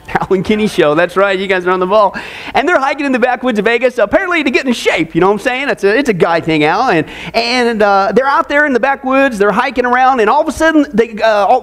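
High-voiced pastor telling a joke story, playful, keeps the crowd involved. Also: male voice, brisk. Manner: animated, joking, draws in the audience. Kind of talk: sermon storytelling.

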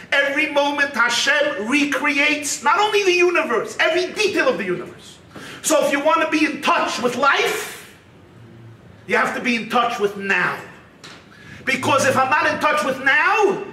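A man giving a humorous, animated sermon lecture as a rabbi, sprinkling Yiddish and Hebrew terms. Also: very high-pitched. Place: retreat lecture hall. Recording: echoey hall, distant mic, faint hiss.

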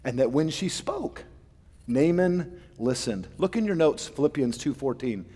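A male pastor preaching a sermon, fervent and with dramatic swings between soft and loud. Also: on the high side, expressive, unhurried, breathy edge. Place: large church sanctuary. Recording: long church reverb.

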